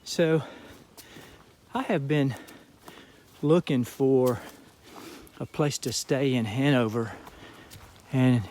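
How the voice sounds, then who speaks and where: A man with a Southern Georgia accent telling a story outdoors as he hikes, in a relaxed, reflective vlog manner. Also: medium pitch, slow pace, long pauses, slight background noise. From southern Georgia, USA. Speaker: thru-hiker vlogger. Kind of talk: casual trail vlog talk. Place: outdoors on a hiking trail.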